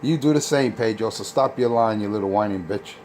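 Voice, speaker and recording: A man's voice: fairly low pitch, a little fast, very noisy. A man on CB radio, taunting and insulting rival operators in a boastful, crude way. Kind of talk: trash talk over CB radio.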